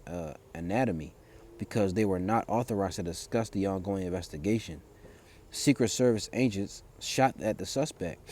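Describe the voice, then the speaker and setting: Halting, low-voiced male preacher. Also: dark tone. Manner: halting, loose, with many fillers and restarts; reads verses aloud, then explains them. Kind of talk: informal scripture and news commentary.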